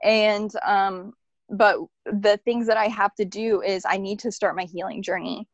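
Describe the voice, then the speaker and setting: A woman's voice: medium pitch, steady tone, unhurried, dry recording. A woman earnestly recounting a personal experience, rambling and filling her speech with "like". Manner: earnest, rambling, frequent "like" fillers. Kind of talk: personal storytelling. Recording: dull lo-fi dry recording.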